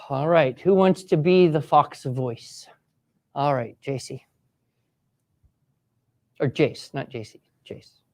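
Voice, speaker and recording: A writing teacher runs a live classroom workshop, encouraging students, giving step-by-step directions, and acting out sample voices for them. The voice is mid-range and a little mellow, speaking slowly with long pauses.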